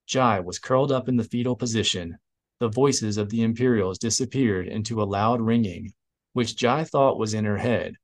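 At normal speed, a man whose voice sits on the low side reads an audiobook. The scripted narration comes across steady and even.

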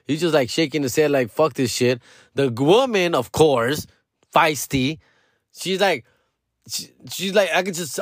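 A man's voice: fairly high pitch, dry recording, studio quality. Profane, slangy Chicano-accented man. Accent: Chicano English with Spanish mixed in. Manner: profane, slangy, animated storytelling. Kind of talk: casual storytime rant.

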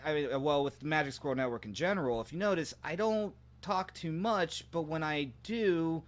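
A man's voice: fairly high pitch, normal speed. A man who is new to voice acting, chatting on a podcast in an easygoing, self-deprecating way. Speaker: podcast guest, new voice actor. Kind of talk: casual chat.

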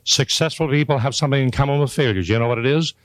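An older man delivers a motivational talk from a conference stage, folksy and teasing, with emphatic repetition. His voice sits at an everyday middle pitch. The sound is close and dry, with no room echo. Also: fast. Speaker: motivational speaker. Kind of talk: motivational speech to a live audience.

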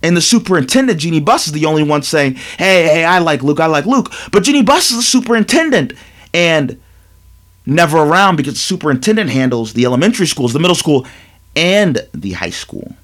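A male sports talk host with a high voice that swings widely in pitch. He lectures emphatically, hammering his points with repetition. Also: big pitch swings, brisk, fairly bright tone. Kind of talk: animated sports commentary monologue.

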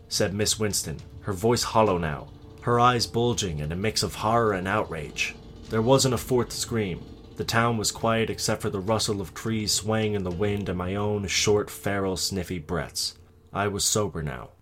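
Low, husky man narrating a horror story. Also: normal speed, a bit bright.

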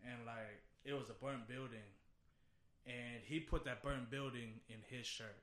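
Bright-voiced easygoing man chatting. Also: mid-range voice, steady tone, unhurried, roomy sound. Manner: easygoing, slangy. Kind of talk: casual chat.

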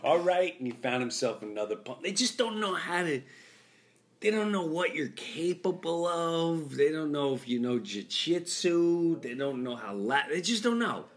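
A man's voice: a little high, very animated, moderate pace. Rambling, jokey middle-aged man. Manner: rambling, jokey storytelling with many restarts. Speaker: podcast host. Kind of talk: casual chat. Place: hotel room. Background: construction noise.

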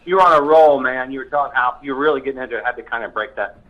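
A middle-aged man, a retired police officer, talking in a gruff, teasing way and swearing freely. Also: medium pitch, very fast. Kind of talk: casual chat. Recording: dull lo-fi sound.

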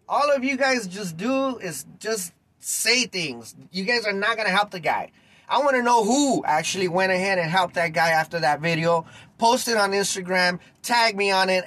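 High-voiced man ranting on a podcast. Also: fairly bright tone, no room sound, low-quality recording. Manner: heated, blunt, slangy, speaks directly to listeners. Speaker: podcast host.

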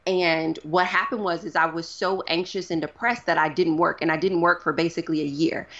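Woman guest, casual chatty delivery, slightly low voice, muffled lo-fi sound. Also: a little fast. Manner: animated, uses many fillers like "like". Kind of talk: casual interview talk.

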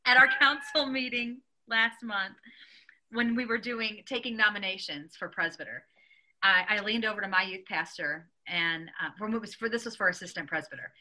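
A woman's voice: medium pitch, moderate pace, low-quality recording. A young woman hosting a podcast, telling funny stories in casual chat and laughing often. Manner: laughing, animated storytelling. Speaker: podcast host.

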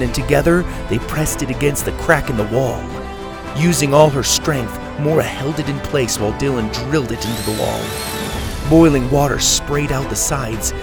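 Gravelly man reading a story. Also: mid-range voice, moderate pace. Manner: steady, descriptive. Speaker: narrator. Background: faint music.

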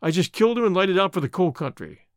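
Guy playing a cocky young outlaw, sly quick answers, animated voice, dry close sound. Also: high-pitched, clear, resonant tone, no room sound.

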